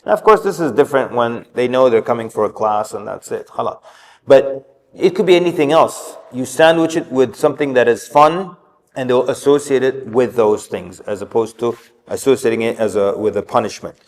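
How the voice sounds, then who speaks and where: A man's voice: medium pitch, moderate pace. A man giving an informal religious talk on parenting, telling stories and acting out what people said. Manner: storytelling, acts out quotes. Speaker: community speaker. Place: mosque hall. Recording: long hall reverb.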